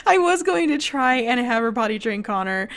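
A woman's voice: on the high side, sing-song, normal speed, a bit bright. A young woman chatting bubbly through a life-sim game as a let's play host, laughing and exclaiming often. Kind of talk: casual gameplay commentary.

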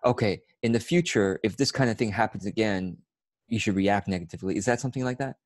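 A man's voice: lowish voice, fast, no room sound, studio quality. A man hosting an interview who thoughtfully sums up his guest's points and turns them into questions. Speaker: interview host. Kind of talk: conversational interview.

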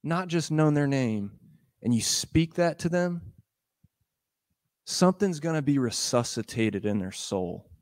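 Pastor guy preaching, chatty and animated, does little voices for the people in the story. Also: fairly high pitch, unhurried. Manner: animated, acts out the dialogue in voices; conversational, with fillers and laughs. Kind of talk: sermon retelling a gospel story.

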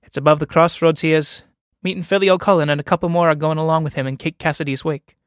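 A man's voice: on the high side, steady tone, fast talker, smooth, no echo, clean studio sound, natural voice. A man reading a play aloud, voicing a spirited young country girl who mocks and scolds with impatience. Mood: teasing. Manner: sharp, mocking, impatient.

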